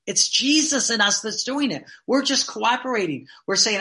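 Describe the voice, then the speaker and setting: Fervent preacher with a bright, forceful voice. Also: medium pitch, expressive. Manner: earnest and fervent, slows down to read quoted passages. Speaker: religious teacher. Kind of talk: sermon-style teaching with read-aloud passages.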